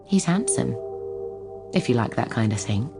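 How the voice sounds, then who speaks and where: Woman reading an audiobook, really deep voice, steady and wry, music bed behind. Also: normal speed, creaky. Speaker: audiobook narrator. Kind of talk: scripted narration.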